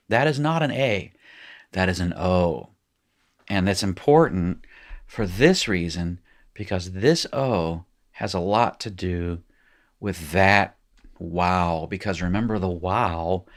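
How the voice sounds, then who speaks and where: A man with a fairly low voice talks through a recorded lesson. He explains casually and fills gaps with "um". He often stops to correct or rephrase himself. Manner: chatty, self-correcting explanations with frequent fillers. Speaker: Hebrew teacher. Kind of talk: recorded screen-share lesson.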